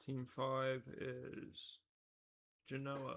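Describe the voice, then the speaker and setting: Male streamer host with a gravelly voice, casual and rambling, often cutting himself off. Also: medium pitch, fairly even intonation, measured pace, a bit bright, a little hiss or hum. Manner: rambling, self-interrupting, easily amused. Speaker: showrunner hosting a live stream. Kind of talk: casual live-stream commentary.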